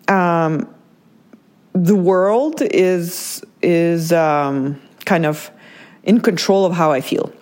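A woman's voice: mid-range voice, darkish tone. A woman hosting a podcast, speaking candidly about her feelings, often checking in with "right?" and restarting her sentences. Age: adult parent. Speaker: podcast host. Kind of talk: personal reflective monologue.

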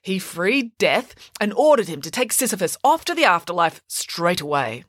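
A woman's voice: on the low side, big pitch swings, moderate pace, no echo, studio quality. A woman narrating a children's myth retelling with playful asides, as host of a story show.

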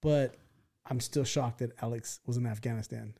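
A man's voice: medium pitch, fairly even intonation, normal speed, gravelly, warm tone. A man hosting a casual podcast chat, slangy, profane and teasing. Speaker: podcast host.

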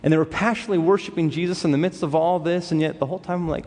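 Male preacher, from los angeles, fairly high voice, acts out voices in his story, long hall echo. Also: very fast, few pauses. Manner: animated storyteller who acts out quoted voices. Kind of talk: sermon storytelling.

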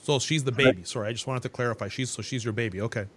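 A man hosting a podcast who talks in a halting way and restarts his sentences. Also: medium pitch, a bit bright. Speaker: podcast host. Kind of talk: casual interview conversation.

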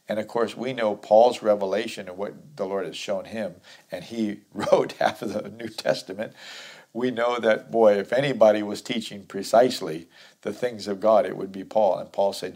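A man's voice: lowish voice, fairly even intonation, normal speed, a little mellow. A man teaching through a Bible chapter verse by verse, reading scripture aloud and then explaining it in a conversational way.

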